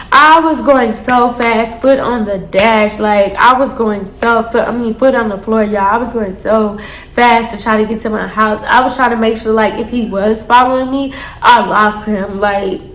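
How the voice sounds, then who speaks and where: A woman in her twenties, her voice pitched a bit high, spins a storytime for her viewers in an animated, slangy way. She keeps turning to the audience, and the room around her carries a roomy echo. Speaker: storytime vlogger.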